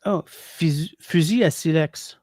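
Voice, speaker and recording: A man's voice: fairly high pitch, slow pace, a little mellow, no room sound, studio quality. A man hosting a casual livestream, reading out viewer comments and thinking aloud as he tries out French translations. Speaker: livestream host.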